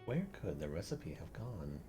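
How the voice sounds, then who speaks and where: A man's voice: low-pitched, very animated, moderate pace. A man streaming a video game, chatting casually, laughing often and swearing now and then. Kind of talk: casual gameplay commentary. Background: game music.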